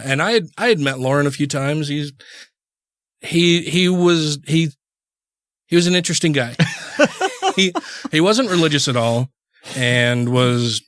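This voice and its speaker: A man's voice: a little high, a bit bright, no echo, clean studio sound. A man co-hosting a podcast, telling a long story casually, full of restarts and "you know"s. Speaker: podcast co-host.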